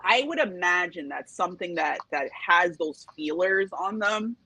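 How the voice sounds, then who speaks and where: A woman's voice: lowish voice, expressive, bright, forceful tone, dry recording, poor audio. A woman co-hosting a podcast, chatting casually in a rambling, playful way. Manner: rambling, playful, quick to laugh along. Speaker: podcast co-host. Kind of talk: casual chat.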